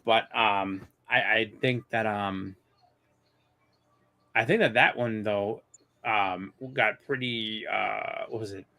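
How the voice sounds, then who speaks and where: A man's voice: lowish voice, steady tone, slow pace, creaky, pushed and bright. A man in his thirties hosting a live comics show, chatting casually and rambling through stories with many restarts and fillers. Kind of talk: casual chat.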